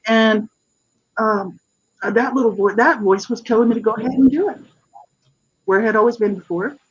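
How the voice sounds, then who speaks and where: Speaking at a moderate pace in a fairly high voice, this radio interview guest, an author and advocate in her fifties, earnestly searches through her personal story. The audio is lo-fi with slight background noise, and she restarts frequently, adding asides like "you know, right?"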